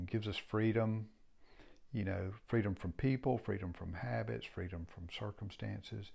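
A man's voice: lowish voice, fairly even intonation, moderate pace, vocal fry, dark tone, slightly rough. A middle-aged man who runs a home building company talks casually and reflectively in a rambling, frank way and swears now and then. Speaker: home builder, business owner.

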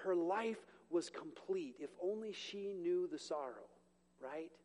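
High-voiced male pastor in a reverberant church. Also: lively intonation, slow, a little mellow. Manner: conversational and joking, corrects his own slips. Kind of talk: sermon. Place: church sanctuary with a congregation. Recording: long hall reverb.

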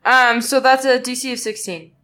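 Bright-toned woman player. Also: a little high, steady tone. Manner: matter-of-fact, quick rule talk. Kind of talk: tabletop game play.

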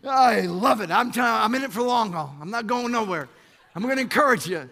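High, bright-voiced pastor preaching with fire. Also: male voice, fast talker. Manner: lively, repeats words when fired up, mock-quotes the congregation. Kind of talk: sermon.

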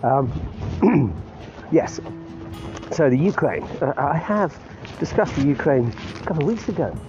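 A man's voice: on the high side, lively intonation, measured pace. A man in his fifties rambling on about his day for his podcast while walking his dog outdoors, laughing often and restarting his sentences. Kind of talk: rambling casual monologue. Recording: muffled recording with clear music behind.

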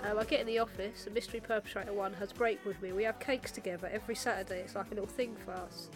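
A woman co-hosting a podcast, telling work stories in a casual, animated way and often breaking into laughter. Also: mid-range voice, rapid-fire, over music. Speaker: podcast co-host. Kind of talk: casual chat.

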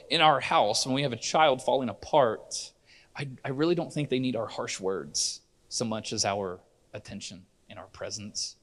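A man's voice: mid-range voice, fairly bright tone. A middle-aged man preaching a sermon in church, earnest and conversational, often restarting his sentences. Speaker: pastor.

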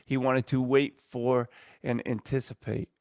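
A man's voice: medium pitch, level tone, a little slow, vocal fry, darkish tone, no room sound, clean studio sound. A man preaching a sermon as a pastor, earnest and emphatic, stacking repeated phrases.

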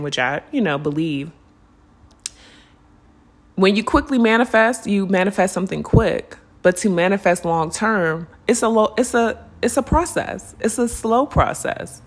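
Earnest woman hosting a reflective podcast. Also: on the low side. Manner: casual, conversational, addresses listeners as "y'all" and "unicorns"; earnest and lively, stretching words when urging listeners to slow down. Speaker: podcast host. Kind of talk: reflective spiritual podcast monologue.

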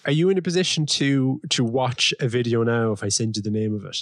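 A young Irish man co-hosting a podcast in casual banter, a wry and lively storyteller. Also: mid-range voice, brisk, dry recording. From Ireland. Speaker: podcast co-host.

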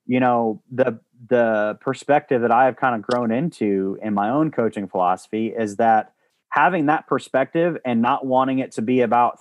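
A man's voice: medium pitch, dry recording. Guy rambling earnestly about coaching, lots of ums, dry recording. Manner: earnest, rambling with many restarts and fillers. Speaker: guest, former baseball coach. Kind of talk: podcast conversation.

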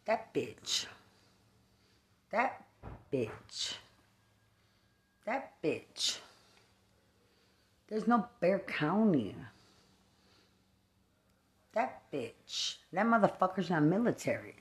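A woman in an angry, profane rant, hurling insults over and over and swinging between shouting and low muttering. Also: very animated, slow, long pauses.

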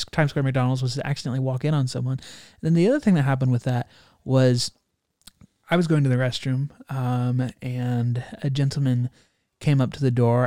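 A man's voice: mid-range voice, dark tone, no room sound, studio quality. A young man in casual chat, animatedly telling a funny travel story and acting out the people in it.

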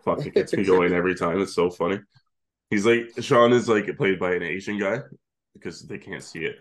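Very deep-voiced man recapping a film. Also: fairly quick. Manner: recaps the plot at length, laughing and swearing freely. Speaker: podcast co-host. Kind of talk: casual chat.

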